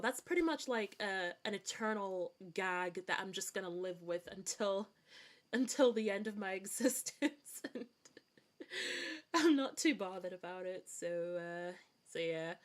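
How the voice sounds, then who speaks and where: A woman's voice: medium pitch, expressive, slow pace, long pauses. Rambling streamer woman, hard-to-place accent. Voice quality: hard-to-place mixed accent, formal and informal words. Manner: rambling, self-correcting, giggly. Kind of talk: casual gaming stream chat.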